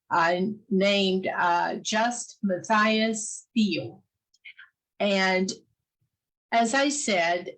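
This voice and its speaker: Woman reading a kids' fairy tale out loud, really slow, lots of uh pauses, gentle. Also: medium pitch, low-quality recording. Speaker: storyteller. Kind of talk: casual storytelling, reading a fairy tale aloud.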